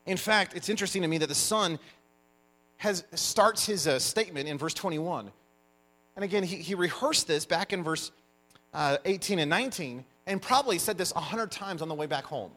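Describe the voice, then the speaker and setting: A man preaching a sermon, telling stories with animated emphasis as the pastor. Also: high voice, normal speed. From United States. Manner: animated storyteller, lively emphasis.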